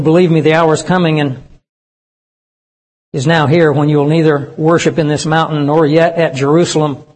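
A man preaching a sermon with passion, acting out the voices he quotes and swinging between loud and hushed delivery. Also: fairly high pitch, breathy edge. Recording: reverberant hall.

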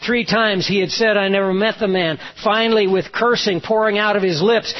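A man's voice: sits high, fairly even intonation, moderate pace, hardly any pauses, a little hiss or hum. A male pastor preaching a sermon, retelling a story and voicing the quoted lines with emphasis. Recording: dull lo-fi sound.

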